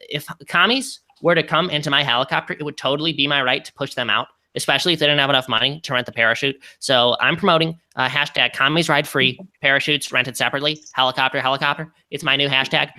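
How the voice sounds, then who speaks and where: A man putting on a fast-talking, smug pundit impression, clipped and lawyerly as he argues. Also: medium pitch, steady tone, sharp tone. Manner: rapid, clipped, lawyerly argument. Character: rapid-fire smug male pundit impression.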